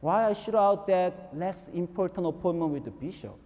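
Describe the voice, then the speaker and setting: A man voicing God in a soft, measured rebuke, heard with a long hall reverb. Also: high voice, lively intonation. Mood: gently chiding.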